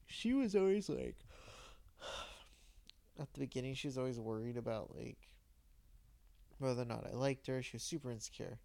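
A man's voice: mid-range voice, fairly even intonation, normal speed, gravelly, pauses often, darkish tone, dry recording. A tired man in his late twenties co-hosting a podcast, chatting casually with rambling, profane venting. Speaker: podcast co-host. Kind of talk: casual chat.

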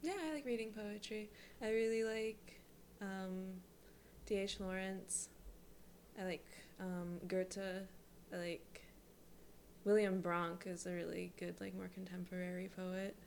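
A woman's voice: medium pitch, little pitch movement, a little slow, creaky, a little mellow, a little hiss or hum. A young woman chatting casually with friends, hesitant and full of fillers. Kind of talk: casual chat.

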